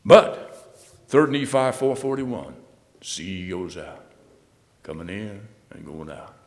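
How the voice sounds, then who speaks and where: A man preaching a sermon, reading scripture aloud and then expounding it, swinging between loud emphatic bursts and low, quiet asides. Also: sing-song, takes it slowly, long reverb tail.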